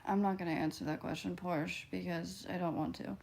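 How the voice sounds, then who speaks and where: A woman's voice: fairly low pitch, steady tone, fairly quick, gravelly, a little mellow. A woman with a Midwestern twang, casually chatting on a livestream and answering viewer comments in a blunt, offhand, profane way.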